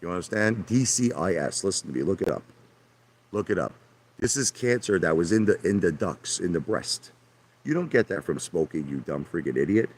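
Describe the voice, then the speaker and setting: A man's voice: sits low, animated, moderate pace, breathy edge. A man hosting a livestream from his hot tub, rambling brashly to viewers, repeating himself and calling them out by name. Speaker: livestream host. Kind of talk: rambling live chat with viewers.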